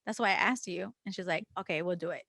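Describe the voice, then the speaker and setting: A woman's voice: fairly low pitch, fast, gravelly, a bit bright, no echo, studio quality. A woman co-hosting a podcast, telling an emotional personal story with candid language and quoted back-and-forth dialogue. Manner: acts out quoted dialogue with others; casual swearing. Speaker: podcast co-host. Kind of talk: casual podcast conversation.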